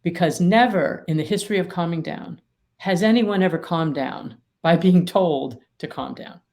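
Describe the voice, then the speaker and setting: A woman's voice: on the low side, normal speed, darkish tone. A middle-aged woman, an attorney mediator and author, explaining her ideas emphatically with vivid everyday examples in an interview. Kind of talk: interview conversation.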